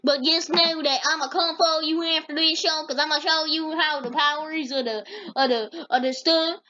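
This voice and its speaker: A woman's voice: high voice, fairly even intonation, normal speed, sharp tone, highs cut off. A woman voicing a grumpy male troublemaker who mumbles threats. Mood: grumbling.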